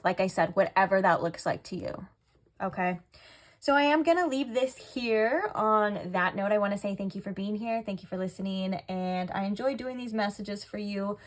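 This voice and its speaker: A woman talks through a tarot reading in a loose, chatty way, filling her sentences with "like". Her voice sits at an ordinary middle pitch. When she lays out the cards she slows down and goes softer. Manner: chatty, says "like" often. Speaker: tarot reader.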